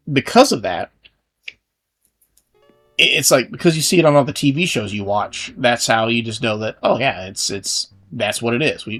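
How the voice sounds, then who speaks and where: A young Texan man chatting casually over his gameplay in a rambling, loose way. His words wander and are full of filler words, delivered at a middling pitch. Soft game music plays underneath. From Texas, USA. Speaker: gaming channel host.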